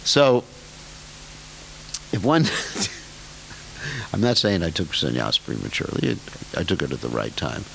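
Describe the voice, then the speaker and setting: An older man giving a scripture lecture as a spiritual teacher, slowing down to stretch key words and slipping into humorous, self-deprecating asides. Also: deep voice, wildly swooping pitch, vocal fry, fairly bright tone, low-quality recording. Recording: faint hiss in lecture recording.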